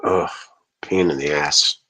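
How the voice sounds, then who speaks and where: A man with a very deep, husky voice rants on a livestream, swearing freely. He rambles from one thought to the next and keeps answering his chat. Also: fairly even intonation, slow, pushed and bright, low-quality recording. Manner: profane, rambling, talks back to chat. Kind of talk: casual livestream rant to chat.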